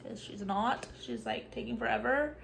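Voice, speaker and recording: A young woman vlogs while sick with a cough and sore throat, chatting away, saying "like" a lot, and sometimes dropping to a hushed whisper. Her voice is a little high and creaky at normal speed, on a rough recording with slight hiss or hum.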